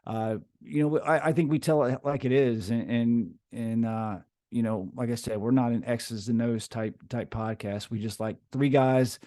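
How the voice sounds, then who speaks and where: A man's voice: medium pitch, fairly even intonation, normal speed, warm tone, dry recording, clean studio sound. A middle-aged man from the United States, a podcast host appearing as a guest, chatting casually with frequent stammers and jokes. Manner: stammering, laid-back, joking.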